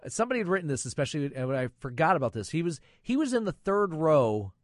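A man's voice: fairly high pitch, big pitch swings, fast, no echo, clean studio sound. A man reviewing films and chatting on the radio, with chatty joking asides. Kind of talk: casual radio chat.

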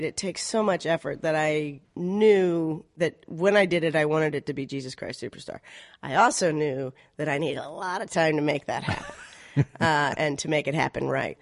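Middle-aged woman director chatting, lively, laughs a lot, dry sound. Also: low-pitched, dry recording. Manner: animated, laughing storyteller who acts out quotes. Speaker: community theater director. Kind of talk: casual interview storytelling.

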